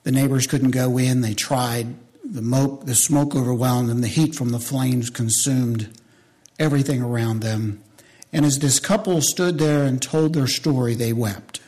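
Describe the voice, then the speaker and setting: Delivering an impassioned sermon at a measured pace, a man with a medium-pitched voice rises to loud appeals and lowers to hushed storytelling. He speaks to his congregation with folksy asides.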